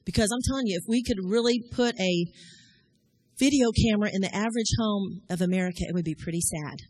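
A woman's voice: mid-range voice, quick pace, darkish tone, slightly rough, dry recording. A middle-aged woman, giving a sermon in a folksy, storytelling way. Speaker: church speaker.

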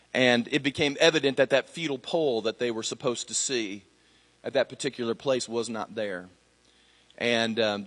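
A man's voice: medium pitch, fairly bright tone, long reverb tail. A middle-aged man, a pastor, telling a personal story in a sermon, conversational with fillers and restarts. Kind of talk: sermon testimony.

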